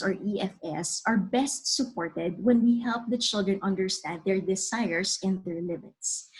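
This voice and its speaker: A woman in her thirties giving a measured, earnest webinar talk on child development, advising parents as she moves through her slides. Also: medium pitch, slightly rough, poor audio.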